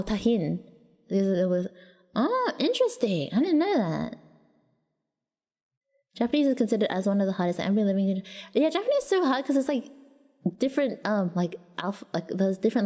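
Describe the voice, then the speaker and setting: A woman's voice: mid-range voice, dark tone. Chatty Australian woman, reverberant. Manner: chatty and rambling, with quick restarts and giggles. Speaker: livestreamer. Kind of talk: casual chat with viewers.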